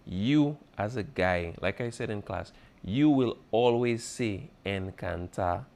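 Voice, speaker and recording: A man's voice: lowish voice, a little slow, gravelly, darkish tone. A man as a teacher going over an exam review, patiently repeating key points and checking in with his students. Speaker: Spanish teacher.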